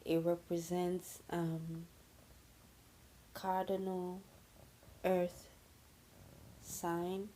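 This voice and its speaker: A woman's voice: fairly low pitch, level tone, extremely slow, long pauses, mellow, a little hiss or hum. A woman vlogger talking casually to camera about astrology, rambling with many fillers and restarts.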